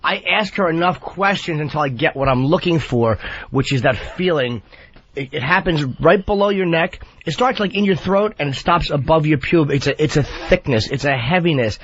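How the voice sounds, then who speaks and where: A man's voice: fairly high pitch, lively intonation, normal speed, a bit bright, slight background noise. A man talking as a guest on a podcast, rambling and profane, full of "like" and restarts as he opens up about himself. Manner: rambling, filler-heavy, profane confessional talk. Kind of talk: casual podcast chat. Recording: dull lo-fi podcast audio.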